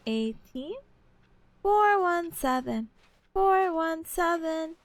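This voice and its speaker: High-pitched giggly woman streaming a game. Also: animated, takes it slowly, no room sound. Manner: playful, giggly, reads game text aloud.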